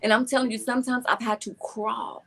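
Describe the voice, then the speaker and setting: Animated woman telling life lessons. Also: a little high, a little fast, gravelly. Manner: animated, preachy storytelling. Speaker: guest, spiritual healer. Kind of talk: casual chat.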